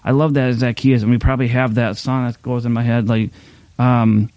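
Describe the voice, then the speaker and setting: A man preaching in a loose, conversational way, circling back and restarting his sentences as he thinks aloud. His voice is mellow and unhurried in tone, with a dry, close recording. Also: medium pitch, little pitch movement, dry recording. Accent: Upper Midwest American. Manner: rambling, conversational, many restarts and fillers. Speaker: pastor. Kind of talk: informal sermon.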